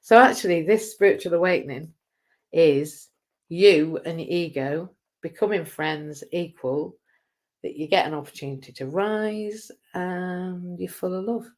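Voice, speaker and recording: A woman hosts a live stream in a rambling, casual monologue. She is chatty and self-mocking and laughs often. Her voice sits low. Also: a little slow, darkish tone.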